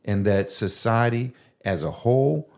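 Female co-host, remarkably deep register, earnest and encouraging, loose and conversational. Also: measured pace, vocal fry, a little mellow. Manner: earnest and encouraging, with many fillers. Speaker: podcast co-host. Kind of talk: faith-based casual chat.

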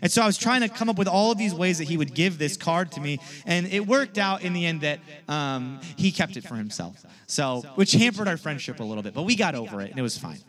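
A man's voice: on the high side, expressive, fairly quick, few pauses, a bit bright. A young man giving a casual sermon, telling a story in a chatty way and often checking in with "all right?". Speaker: youth pastor.

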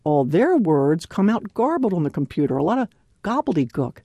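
A woman giving a devotional talk in an earnest, clearly enunciated way, laughing often. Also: lowish voice, sing-song, normal speed, dark tone, no room sound, muffled recording. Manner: clear, carefully enunciated delivery. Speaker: devotional speaker.

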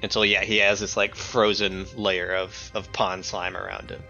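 A man playing a tabletop game, describing his character's actions slowly and searching for words. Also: low-pitched, level tone, pushed and bright, dull audio, soft background music. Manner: slow, searching, lots of "like". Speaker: player.

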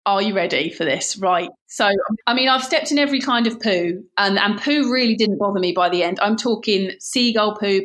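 Chatty British woman telling stories. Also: mid-range voice. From Britain. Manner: chatty, laughs at her own stories, many restarts. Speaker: guest, barefoot runner. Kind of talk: animated storytelling interview.

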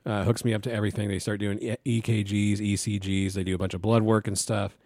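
A young man casually telling a personal story to the camera, animated, swearing and laughing as he goes. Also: lowish voice, fast, dry recording.

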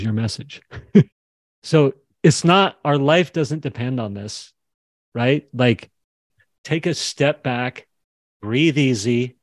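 An impassioned man teaching a group on a call, acting out both sides of a conversation as he talks. His voice sits at an ordinary middle pitch. The sound is dry and close, with no room around it. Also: no echo. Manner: impassioned, acts out dialogue. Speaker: podcast host and coach. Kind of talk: animated teaching session on a video call.

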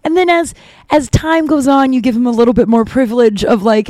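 A woman's voice: fairly high pitch, a little fast, mellow, no room sound. A woman in her thirties hosting a podcast, telling a rambling story in casual chat with many asides. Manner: chatty, rambling, lots of "like" and asides. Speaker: podcast host.

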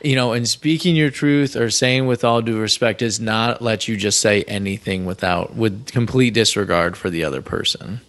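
A man with a low, gravelly voice co-hosts a relaxed couples podcast. He talks things through in a measured, explanatory way and retells past conversations step by step. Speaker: podcast co-host. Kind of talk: casual couples chat.

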